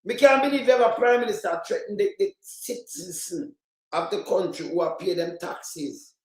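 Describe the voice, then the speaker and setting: A man with a Jamaican accent ranting angrily about politics in patois, repeating himself and bursting into shouts. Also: high voice, expressive, normal speed, roomy sound, rough recording. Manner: heated, repetitive, bursts into shouting. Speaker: commentator. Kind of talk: angry political rant in patois.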